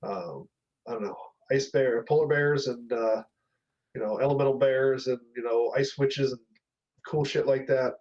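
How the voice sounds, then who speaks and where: A man's voice: medium pitch, moderate pace, darkish tone, muffled recording. A man co-hosting a podcast, talking casually and hesitantly with many fillers and frequent laughter. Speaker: podcast co-host. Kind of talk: casual chat.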